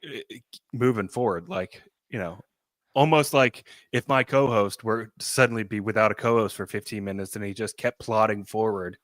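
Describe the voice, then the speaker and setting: A man with a bright, forceful voice trades casual banter on a podcast. His tone is joking and laid-back, and he swears now and then. The mic is close and dry. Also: fairly low pitch, normal speed, no echo. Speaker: podcast co-host.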